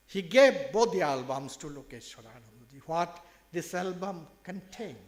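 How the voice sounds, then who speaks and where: A man with an Indian English accent telling a story in a seminar speech, emphatic and slowing down for effect, repeating phrases. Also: a little high. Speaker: speaker at a religious seminar.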